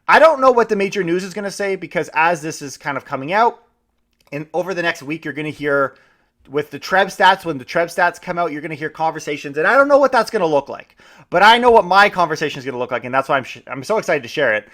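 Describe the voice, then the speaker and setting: A man's voice: fairly high pitch, expressive, fast, fairly bright tone. A man hosting a podcast, talking in a chatty, enthusiastic way with frequent restarts. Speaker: podcast host. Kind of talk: casual podcast commentary.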